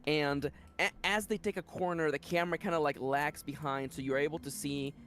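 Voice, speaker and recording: A man narrating a tabletop role-playing game as game master, setting scenes in an animated, playful way. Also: on the high side, a little fast.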